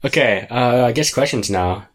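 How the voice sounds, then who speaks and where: A teenage boy in casual chat, chiming in with quick jokes and teasing remarks. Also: mid-range voice. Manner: wisecracking, quick interjections.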